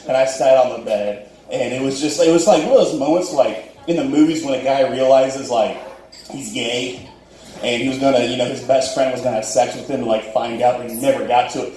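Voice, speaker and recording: On a club stage, a young man does a self-deprecating stand-up set, acting out dialogue in high, squeaky voices. His voice is mellow and moderately paced, and the roomy club audio sounds as if it was picked up from far off.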